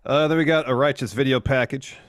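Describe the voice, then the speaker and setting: A man's voice: mid-range voice, steady tone, a little fast, dry recording, clean studio sound. A man co-hosting a podcast, recapping the week's events at length in casual, joking chat. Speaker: podcast co-host.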